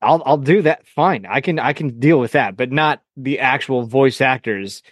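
A man's voice: mid-range voice, normal speed, no echo, studio quality. A man who is a guest on a podcast, talking in blunt, casual chat and swearing often while he rants. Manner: blunt, swears a lot, ranting.

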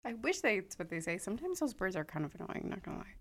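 A woman hosting a casual podcast. Her pitch swings widely and lively as she talks. She reacts openly and expressively, reading stories aloud in a relaxed, conversational way. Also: fast. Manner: expressive, reacts with laughs and exclamations. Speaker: podcast host. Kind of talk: casual chat.

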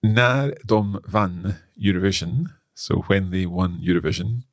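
A man hosting a casual lesson, working through phrases aloud with halting restarts and frequent laughs. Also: deep voice, dry recording, studio quality. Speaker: language learner host.

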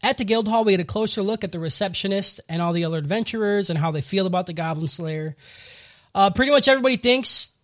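A man's voice: high voice, fast, fairly bright tone. Profane man recapping an anime. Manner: profane, laughing, riffing. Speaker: podcast host. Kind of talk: crude comedic anime recap.

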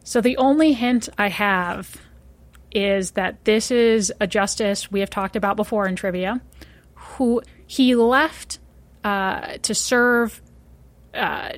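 A woman co-hosting a casual podcast, quizzing her partner with a playful, teasing manner. Her voice sits at an ordinary middle pitch. The sound is dry and close, with no room around it. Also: slow pace, no echo. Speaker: podcast co-host running a trivia quiz.

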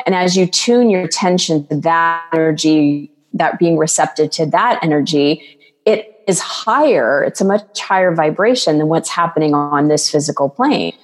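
A woman's voice: low-pitched, normal speed, long reverb tail, soft background music. A woman coach speaking as a guest in an interview, talking in an earnest, flowing way and acting out quoted voices. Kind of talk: casual interview talk.

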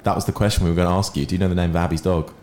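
A man's voice: low voice, steady tone, racing, darkish tone, reverberant. A man co-hosting a podcast, asking playful, teasing questions. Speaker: podcast co-host. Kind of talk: casual podcast interview.

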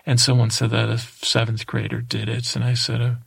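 A man's voice: mid-range voice, completely flat delivery, a little fast, vocal fry, fairly bright tone, slightly rough, no echo. A man doing an improvised comedic monologue as a dull tour guide, rambling and hesitant and drifting off topic. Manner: dull, lulling delivery.

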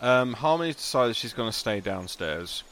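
A man's voice: medium pitch, lively intonation, normal speed, gravelly, fairly bright tone. A man narrating a tabletop game as game master, casual and swearing now and then. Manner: casual, swearing, laughs easily.

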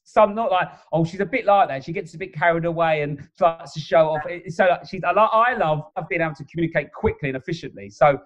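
Male comedian, rapid chatty talk, lots of restarts, fairly high voice, dull muffled audio. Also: fairly bright tone. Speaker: comedian guest. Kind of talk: casual podcast chat.

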